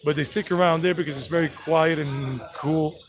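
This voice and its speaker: Recorded roughly amid outdoor street noise, a man vlogs a walking tour of a town square in a chatty, playful way, stopping to talk to animals. His voice is a little high, with fairly even intonation at a normal speed.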